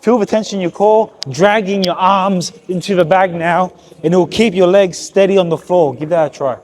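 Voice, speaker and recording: A man's voice: high-pitched, moderate pace, a little mellow. A man coaching a young boxer at a heavy bag, giving short, repeated, encouraging cues. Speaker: boxing coach. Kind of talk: hands-on coaching session. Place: boxing gym with heavy bag.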